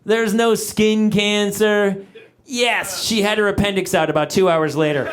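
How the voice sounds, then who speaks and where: A man's voice: high-pitched, measured pace. A middle-aged man performing a stand-up comedy routine on stage, acting out the people in his stories in changing voices. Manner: animated, acts out quoted family members in shifting voices. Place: comedy club stage before a live audience. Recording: live audience laughter around the voice.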